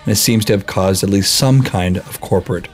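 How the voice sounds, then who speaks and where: Easygoing low-voiced man reading news. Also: fairly quick, faint music behind. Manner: easygoing, reads stories aloud with fillers. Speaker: podcast co-host reading news stories. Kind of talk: casual chat and reading news.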